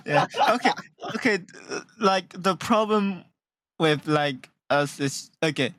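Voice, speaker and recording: A man's voice: on the high side, expressive, fairly bright tone. A man co-hosting a casual podcast over a voice call on a close mic, laughing often and restarting his sentences. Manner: laughs a lot, halting restarts. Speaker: podcast co-host. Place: online voice call. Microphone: close mic he keeps hitting.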